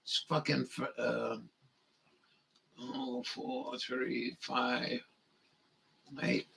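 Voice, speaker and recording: Gravelly slow-talking grumbling man. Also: medium pitch, very animated, fairly bright tone, slight background noise. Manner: profane, grumbling, mutters to himself. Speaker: live streamer. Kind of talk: rambling live commentary.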